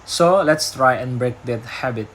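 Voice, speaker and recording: Slow-speaking young Indonesian man. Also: mid-range voice, a bit bright, slight background noise, poor audio. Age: young adult. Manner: reads haltingly with grammar slips and restarts. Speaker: university student. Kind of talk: retelling a talk for a class assignment.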